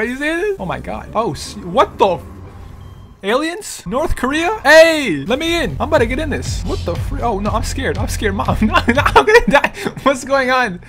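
A man giving excited gameplay commentary, laughing often and yelping and pleading loudly as things happen. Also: extremely high pitch. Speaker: gaming streamer.

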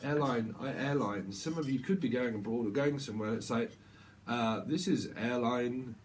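A man's voice: medium pitch, moderate pace, a little hiss or hum. A man giving a loose, rambling tarot reading, laughing often and acting out little quoted voices. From United Kingdom. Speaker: tarot reader. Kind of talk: channeled tarot reading to camera.

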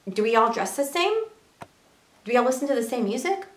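A woman's voice: on the high side, sing-song, fairly quick. A young woman vlogging to camera in a casual, earnest way, full of rhetorical questions. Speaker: beauty and lifestyle vlogger. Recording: echoey room.

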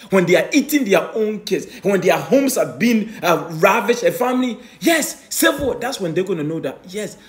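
A man preaching a sermon with emphatic delivery. He fires off rhetorical questions tagged with "eh?" and swings from loud declarations to low mutters.

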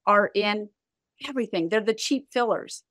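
A middle-aged woman, a company founder from the United States and Canada, tells her story in an interview and acts out the lines she quotes. Her medium-pitched voice is a bit bright and moves at a moderate pace, captured in a dry, clean studio recording.

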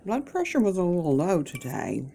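A woman's voice: lowish voice, wildly swooping pitch, moderate pace, vocal fry, dark tone, slight background noise. A woman chatting in a folksy, chatty way at her kitchen table, with religious asides. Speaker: vlogger caring for her mother. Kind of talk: casual chat. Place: home kitchen, breakfast table.

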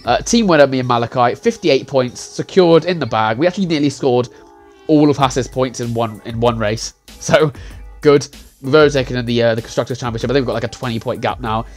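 A young man talking through his sim racing weekend in a loose, rambling recap. He corrects himself often, fills gaps with "uh" and "you know," and chuckles now and then, with his voice sitting at a middling pitch. Faint music plays behind him. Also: fairly quick. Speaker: sim racing league driver giving a round recap. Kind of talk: casual recap talk.

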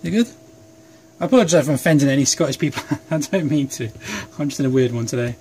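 Working at his bench, a young man who vlogs about hobby crafts rambles chattily and pokes fun at himself, a bit short on sleep. He talks fast in a warm, steady, mid-range voice. His phone camera picks up slight background noise.

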